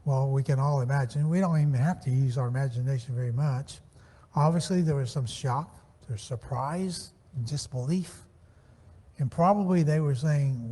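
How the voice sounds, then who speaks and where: A man teaching a Sunday Bible class, measured and slowing down to stress the scripture phrases he reads. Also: medium pitch, warm tone, breathy edge. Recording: church hall with long reverb.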